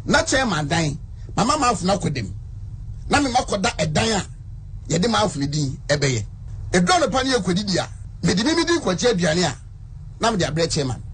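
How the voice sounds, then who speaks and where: A man's voice: high voice, sing-song, normal speed, a bit bright, slight background noise. A man with a Ghanaian accent recounting events step by step, switching between Twi and English. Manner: plain step-by-step storytelling. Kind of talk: narrated account in an interview clip.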